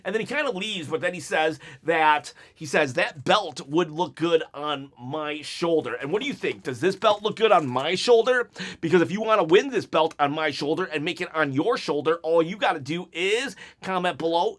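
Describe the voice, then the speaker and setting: A man hosting a casual wrestling review, rambling and restarting often, laughing at his own jokes and quickly mimicking the wrestlers' lines. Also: a little high, fairly bright tone.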